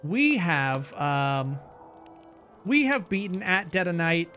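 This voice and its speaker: Animated, high-pitched male streamer. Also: slow, dull audio, soft background music. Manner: animated, swears, laughs often. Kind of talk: casual gameplay commentary.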